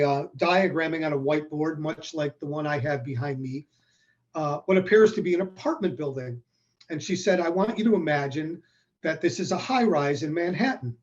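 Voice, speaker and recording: A man's voice: a little high, muffled recording. A man in his sixties, a guest in an interview, telling a story and acting out the lines of the people in it. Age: 60s. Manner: animated, acts out quoted dialogue.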